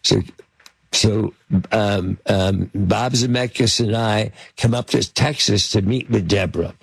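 A man's voice: lowish voice, slow, gravelly, slightly rough, no echo. An older man, a film producer, telling rambling anecdotes in an interview with many fillers and restarts. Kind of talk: casual anecdotal storytelling.

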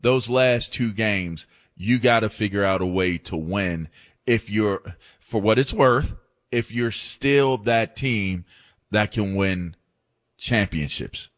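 Slow, low-voiced man talking sports. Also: fairly bright tone, no room sound, clean studio sound. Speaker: sports talk co-host. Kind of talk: casual sports talk.

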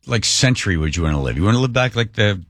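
A man's voice: on the low side, lively intonation, quick pace, no room sound. A male radio talk show host chatting casually and telling rambling, joking stories. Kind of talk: casual on-air chat, storytelling.

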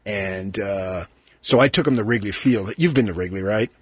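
A man hosting a sports radio show, telling animated stories and doing loud, high impressions of his mother. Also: normal speed, slightly rough, dry recording. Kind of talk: casual storytelling on radio show.

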